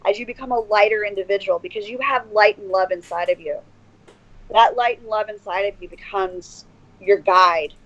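A woman's voice: mid-range voice, moderate pace, fairly bright tone. A woman guest in a casual interview, talking earnestly and rambling with many restarts and fillers. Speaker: podcast guest. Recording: dull lo-fi dry sound.

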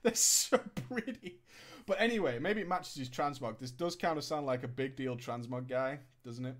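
Speaking at a normal pace in a mid-range voice, a storyteller reads a gaming story aloud and riffs on it sarcastically. He swears and laughs at it as he goes, turning the reading into comedic commentary.

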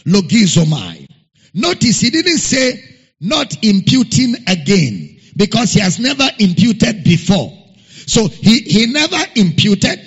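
A man's voice: high voice, very animated, a little slow, slightly rough. A man preaching a sermon. He stresses key lines by repeating them and reads scripture aloud in King James wording. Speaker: pastor. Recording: dull, lo-fi recording with long hall reverb.

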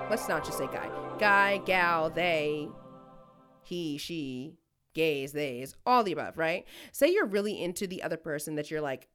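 A brash, profane woman riffs through casual comedic chat as a podcast co-host. Her pitch swoops all over as she slips into playful voices. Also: fairly bright tone.

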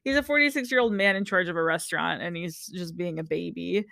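A woman's voice: fairly low pitch, a little fast, creaky, no echo. A young woman talks through a TV episode in easy podcast chat. She acts out the people she quotes and laughs a lot, close on a dry mic. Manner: animated storyteller, acts out quotes, laughs often. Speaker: podcast co-host. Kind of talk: casual chat recapping a TV show.

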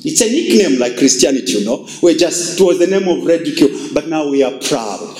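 A man preaching a sermon as pastor, emphatic and repetitive, with wide swings in pitch for emphasis. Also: big pitch swings, brisk, hardly any pauses. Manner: emphatic, repeats phrases, shifts pitch widely for emphasis. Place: church. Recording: echoey church hall.

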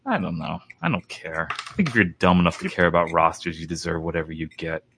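A man's voice: low voice, fast talker, creaky, fairly bright tone, slight background noise. A man chatting casually on a gaming panel, rambling and sarcastic with a mock-grumpy edge. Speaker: podcast panelist. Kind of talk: casual chat.

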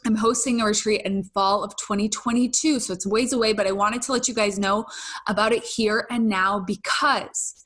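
A woman hosts a casual solo podcast in an open, emotionally expressive way. She speaks at a middling pitch, swears now and then, sighs and laughs between thoughts, and often restarts her sentences. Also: moderate pace. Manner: candid, effusive, swears casually, trails off and restarts. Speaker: podcast host.

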